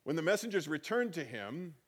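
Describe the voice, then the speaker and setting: A man's voice: a little high, big pitch swings, a little fast. A man giving a conversational Bible teaching, reading scripture aloud and then explaining it with chatty emphasis.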